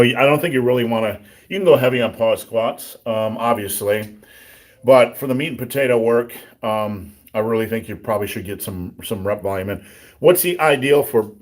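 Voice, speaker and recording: Man, casual livestream host, blunt and joking, hoarse from a sore throat, clears throat often. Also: medium pitch, a little mellow. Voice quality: throat-clearing, a bit rough. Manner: blunt, joking, plainspoken coaching. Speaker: livestream host answering viewer questions. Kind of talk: casual live Q&A on strength training.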